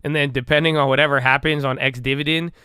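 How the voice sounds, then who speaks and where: A man's voice: a little high, flat delivery, fast talker, pushed and bright, clear, resonant tone, no room sound, clean studio sound. A man casually talking through stock moves on a livestream, rambling and joking, often trailing off into mumbles. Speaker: stock market livestream host. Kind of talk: casual live market commentary.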